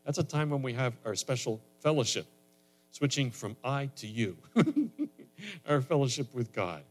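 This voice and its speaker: A man's voice: very animated, measured pace. Man preaching in a conversational way. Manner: conversational preaching that swells louder and higher on emphatic lines. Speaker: pastor. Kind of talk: sermon.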